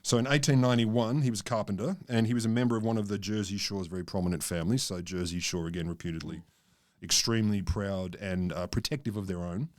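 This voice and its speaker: A man's voice: fairly low pitch, steady tone, fast, darkish tone. Rambling man telling a story. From Australia. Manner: rambling, amused, self-correcting storyteller. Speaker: podcast co-host telling the story. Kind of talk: casual science chat.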